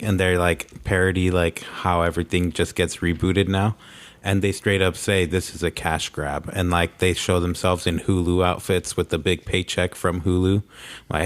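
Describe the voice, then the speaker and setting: A young man co-hosting a podcast, chatting casually in a laid-back, rambling way full of "like"s. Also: low voice. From Mexican-American upbringing. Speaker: podcast co-host. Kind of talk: casual chat.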